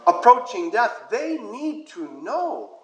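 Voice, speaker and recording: A male priest giving a sermon, telling a personal story in a conversational way, with soft whispered asides. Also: very high voice, big pitch swings, slow pace, roomy sound, low-quality recording.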